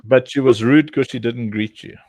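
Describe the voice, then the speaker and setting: A man's voice: mid-range voice, normal speed, darkish tone, dry recording. A man hosting a livestream, joking and teasing his guests in casual group chat. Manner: joking, teasing, laughs often. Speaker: livestream host.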